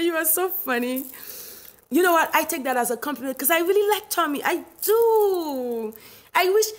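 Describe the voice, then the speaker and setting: Middle-aged Haitian woman, fairly high voice, emphatic and indignant, laughs easily; livestream host. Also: fairly bright tone. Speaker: live stream host. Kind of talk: livestream rant reading chat.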